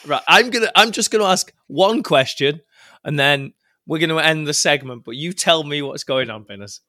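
A man co-hosting a podcast, trading quick wry quips in casual banter. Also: on the high side, expressive, sharp tone. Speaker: podcast co-host.

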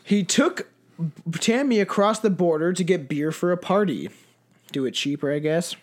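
A man's voice: sits high, animated, normal speed. A man hosting a casual true-crime chat, swearing freely and rambling through frequent restarts. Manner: profane, rambling, restarts often. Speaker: podcast host.

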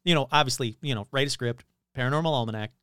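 A man's voice: mid-range voice, racing, fairly bright tone, smooth, no echo, studio quality. A man hosting casual comedic commentary, rambling, exclaiming and cutting himself off. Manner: rambling, exclamatory, self-interrupting. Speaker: host.

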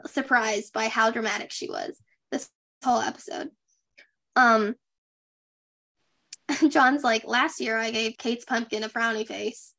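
A woman's voice: fairly high pitch, unhurried, vocal fry, pauses often. A young woman co-hosting a podcast, recapping a reality show in a chatty, sarcastic way. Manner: chatty, sarcastic, animated impressions. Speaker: podcast co-host. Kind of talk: casual recap chat.

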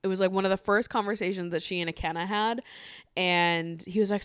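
A woman's voice: mid-range voice, steady tone, brisk, fairly bright tone, smooth, dry recording, studio quality. Chatty young woman. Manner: chatty, swears freely, laughs often. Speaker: podcast host. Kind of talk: casual chat.

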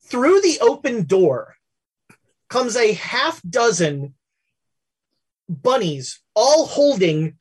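A woman narrating as game master of a tabletop game, halting and full of fillers. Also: a little high, very animated, husky. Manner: hesitant, full of fillers and laughs while describing scenes.

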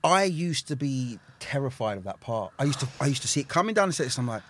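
A man's voice: mid-range voice, very animated, fast, a bit bright, slight background noise. A man performer telling a story with animation in a casual chat.

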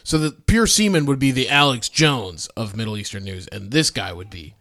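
A man's voice: medium pitch, lively intonation, normal speed, a bit bright. A man co-hosting a casual podcast, joking sarcastically and swearing freely. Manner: sarcastic, swears, jokes a lot. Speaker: podcast co-host.

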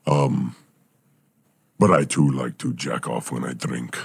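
A man voicing a gruff male talking bear, a failed war experiment, in an improvised comedy podcast. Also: extremely low pitch, fairly even intonation, takes it slowly, no echo, studio quality, exaggerated voice.

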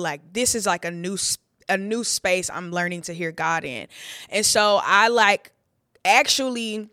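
Clean studio audio with no room sound captures a young woman, a preacher, giving her testimony on a podcast. She has a medium-pitched voice with a sharp tone. She speaks openly and with feeling, in a chatty way, and says "like" a lot.

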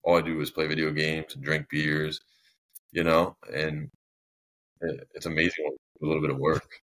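A man's voice: extremely low pitch, level tone, normal speed, a bit bright. A young man telling his own story as a podcast guest, candid and rambling, with many restarts and fillers.

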